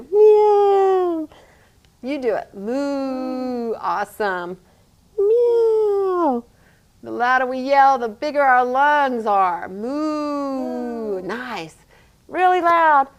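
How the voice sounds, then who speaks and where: A woman yoga teacher and physical therapist guiding a child through a yoga class, encouraging and playful, with animal sounds. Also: fairly high pitch.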